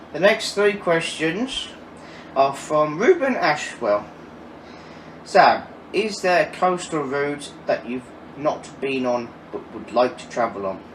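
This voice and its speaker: A man's voice: mid-range voice, animated, slow. A man in his twenties answering viewer questions in a casual, chatty way. He laughs often and swears now and then. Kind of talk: casual Q&A chat. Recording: echoey, distant mic with faint ambient noise.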